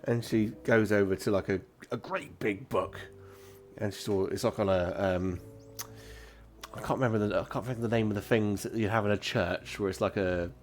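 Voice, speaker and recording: A man narrating as game master, rambling and pausing to search for words. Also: fairly low pitch, a little hiss or hum.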